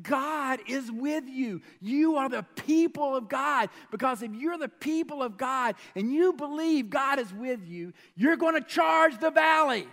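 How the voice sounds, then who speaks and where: A man's voice: lively intonation, a little slow, creaky, few pauses, big-room sound, heavily acted. A man voicing a bold, indignant teenage shepherd boy who raises his voice to challenge others. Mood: urging. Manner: loud, raised pitch, shouting challenges.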